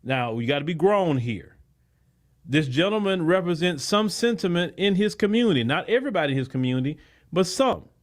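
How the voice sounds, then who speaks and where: A man hosting a livestream, giving measured, emphatic commentary in a lecturing tone. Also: fairly high pitch, expressive. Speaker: podcast host.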